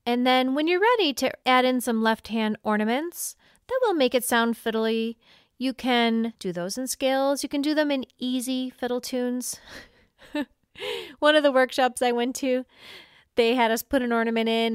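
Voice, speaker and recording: Bright-voiced woman teaching fiddle. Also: fairly high pitch, normal speed, clean tone, no echo, clean studio sound. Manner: friendly, laughs often, sings bowing rhythms aloud. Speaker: fiddle teacher and podcast host. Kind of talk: instructional podcast talk.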